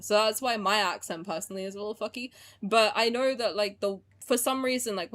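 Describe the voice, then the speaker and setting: A young woman streams a game, talking in a casual, rambling way full of "like"s. Her accent blends English and Canadian with a faint Indian trace, and her voice sits at an ordinary middle pitch. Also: fairly bright tone. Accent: mixed English and Canadian, with a trace of Indian. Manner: chatty and rambling, with frequent "like" fillers. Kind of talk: casual gaming commentary and reading game text aloud.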